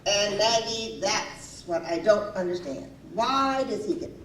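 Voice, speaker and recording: A woman's voice: mid-range voice, lively intonation, measured pace, a bit bright, slight background noise. A woman acting a gossipy young housemaid in a stage play, retelling a quarrel and acting out each voice. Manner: breathless gossip, acts out each quoted voice. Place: small community theater stage. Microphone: far-off room mic. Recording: roomy stage sound from far off.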